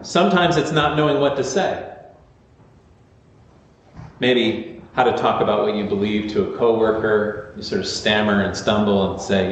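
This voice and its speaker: Pastor preaching in a very echoey church. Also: male voice, lowish voice, unhurried, a little hiss or hum. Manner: conversational, with fillers and restarts. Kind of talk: sermon. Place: large echoey church sanctuary. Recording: echoey muffled church recording from far off.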